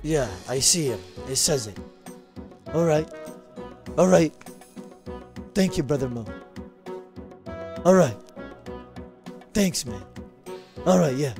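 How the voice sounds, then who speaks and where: A man's voice: fairly high pitch, animated, slow pace, creaky, pauses often, a little mellow, soft background music. A man streaming a game, talking casually with lots of swearing, trash talk and repeated phrases. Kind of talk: casual live gameplay commentary.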